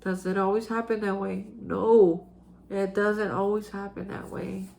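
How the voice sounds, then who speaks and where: An earnest woman in a mid-pitched voice tells a personal story as host of a recovery reflection. She speaks with feeling, circling back with fillers and restarts as she goes. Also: little pitch movement, a little slow, creaky, darkish tone, a little hiss or hum.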